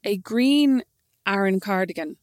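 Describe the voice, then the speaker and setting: A woman with an Irish accent in a casual chat, opinionated and animated as she reacts to a film trailer. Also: mid-range voice, measured pace, no echo, studio quality. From Ireland.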